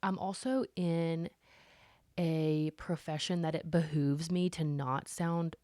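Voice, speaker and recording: A woman in her thirties from Alabama, speaking with a Southern accent and chatting casually as podcast co-host, animated and quick to laugh. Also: sits low, no echo, studio quality. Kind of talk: casual chat.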